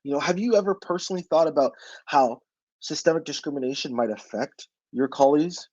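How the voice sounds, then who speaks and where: A man presents to an online audience in a slightly husky voice, pressing his points with emphasis. He keeps turning to rhetorical questions. His voice sounds close and dry, with no room around it. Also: a little high, a little fast, a little mellow, dry recording, muffled recording. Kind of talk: motivational webinar talk.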